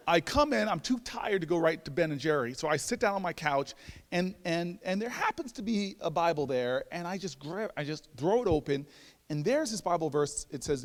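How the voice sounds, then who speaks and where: Male lecturer, lively self-mocking storyteller, raised pitch swinging widely, reverberant hall. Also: brisk. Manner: animated, self-mocking, with stammered repeats. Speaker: guest lecturer. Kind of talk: storytelling speech.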